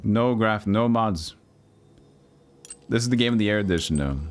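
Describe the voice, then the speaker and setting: A man's voice: fairly low pitch, moderate pace. A man streaming a game, joking and rambling with casual swearing. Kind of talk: casual gameplay commentary.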